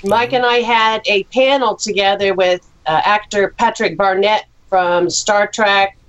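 A woman's voice: medium pitch, fairly even intonation, unhurried, a bit bright, smooth, muffled recording. A woman chatting casually in an upbeat way about meeting a friend at conventions. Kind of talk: casual chat.

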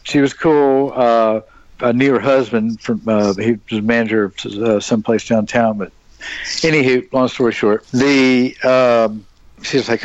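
A man with a drawl rambles through a long anecdote, stopping and restarting, with plenty of "uh" and "anyway". His voice sits at an ordinary pitch. The audio is dry and dull, like a lo-fi call recording. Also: moderate pace, no room sound. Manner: rambling, animated storyteller with many fillers and restarts. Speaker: guest, convention actor. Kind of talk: casual storytelling on a podcast.

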